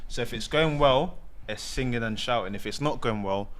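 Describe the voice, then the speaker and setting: A man's voice: mid-range voice, moderate pace, a bit bright. A man hosting a football podcast, asking the panel questions casually and backing them with short "mm"s. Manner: asks questions and fills gaps with "mm". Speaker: podcast host. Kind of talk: casual chat.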